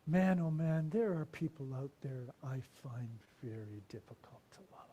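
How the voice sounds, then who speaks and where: A man giving a sermon as a minister, telling stories and swinging from loud lines to whispered ones. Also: mid-range voice, animated, normal speed, slight background noise.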